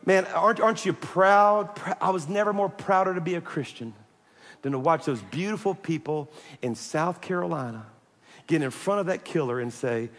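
Man preaching, high voice, animated and jokey, emphatic, long hall reverb. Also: normal speed. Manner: animated, joking and emphatic, addressing the congregation. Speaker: pastor. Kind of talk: sermon.

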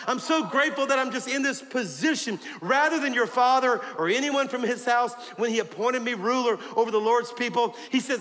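A man preaches a fiery sermon, his high, bright voice rising into shouts as he calls out to his congregation. The sound carries a long church-hall reverb over the faint murmur of the crowd. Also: fairly quick, hardly any pauses. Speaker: pastor.

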